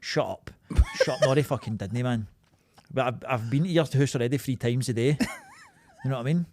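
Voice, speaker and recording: A man's voice: medium pitch, a little fast. A man with a Glaswegian accent, co-hosting a podcast in sweary, jokey casual banter. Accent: Scottish, Glaswegian. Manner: sweary, jokey, animated storytelling. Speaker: podcast co-host.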